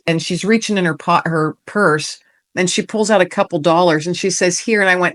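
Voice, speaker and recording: A woman's voice: fairly low pitch, normal speed, a bit bright. Earnest woman telling a heartfelt story. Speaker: podcast guest, author and veteran. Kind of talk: storytelling in a podcast interview.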